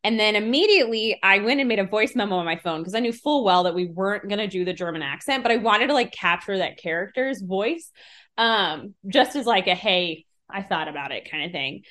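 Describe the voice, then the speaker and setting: Woman voice actor, chatty, rambling, casual, mid pitch. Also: lively intonation, brisk, a bit bright. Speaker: voice actor and writer. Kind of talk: casual behind-the-scenes anecdote.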